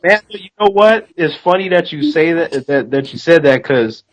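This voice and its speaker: A man's voice: fairly high pitch, moderate pace, low-quality recording. A man chatting casually about a TV show, telling stories animatedly and acting out the voices of people in them. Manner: animated storyteller, acts out quotes loudly. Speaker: co-host. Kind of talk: casual chat.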